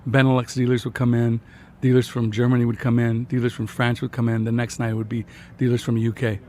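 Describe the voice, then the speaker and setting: A man's voice: mid-range voice, completely flat delivery, a little fast, a little mellow, slight background noise. Chatty man in his fifties. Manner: chatty storyteller, jumps between anecdotes. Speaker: guest, guitarist. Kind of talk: casual conversation. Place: outdoor restaurant patio at night.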